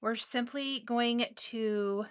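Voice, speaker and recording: A woman hosting a casual sewing tutorial, talking through each step in a chatty, relaxed way with loose asides. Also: on the high side, very slow, clear, resonant tone, no echo, clean studio sound.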